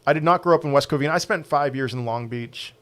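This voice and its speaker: Blunt American man firing quick answers. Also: medium pitch. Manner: blunt, quick opinions, animated and louder on sports. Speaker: crypto channel host answering viewer questions. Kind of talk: casual live Q&A.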